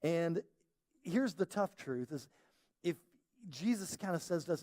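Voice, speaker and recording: A man's voice: a little high, lively intonation, a little slow, pauses often, darkish tone. A male pastor preaching a conversational sermon, acting out quoted voices as he goes. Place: church auditorium.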